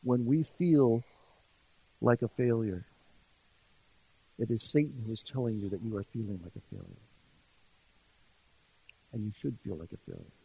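A man preaching an earnest sermon, swinging between quiet, intimate passages and louder emphasis. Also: medium pitch, very animated, normal speed, creaky, pauses often, slight background noise, poor audio. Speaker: pastor.

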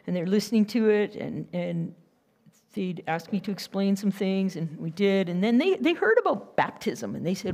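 A woman missionary telling a story to her church in a lively, conversational way. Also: medium pitch.

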